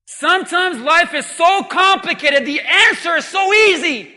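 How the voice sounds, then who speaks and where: A man preaches in an emphatic sermon style, often shouting and calling on the congregation to answer. His voice is high and piercing, and he delivers it slowly. The sound rings through a large reverberant hall. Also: lively intonation. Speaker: pastor.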